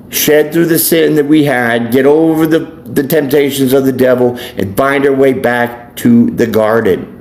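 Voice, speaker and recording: A man who works as a tarot reader and life coach rants bluntly and preachily in a profane vlog monologue. His voice is mid-range and a little mellow, recorded in an echoey room with faint background noise.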